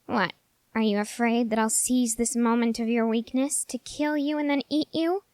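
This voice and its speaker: A woman's voice: on the high side, steady tone, moderate pace, a little mellow, dry recording, lightly acted. A woman voicing a dry, sarcastic young male cat-hybrid in a whispered role-play, mildly scolding yet caring. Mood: sardonic.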